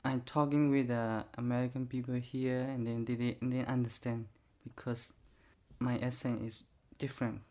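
Speaker, from Burma, interview, middle pitch, halting, repeats words. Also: flat delivery, a little mellow. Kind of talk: casual interview talk.

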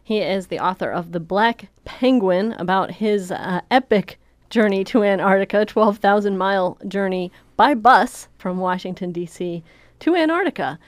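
Female radio host wrapping up an interview: mid-pitched, conversational, dry close mic. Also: normal speed, dry recording. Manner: conversational, with fillers.

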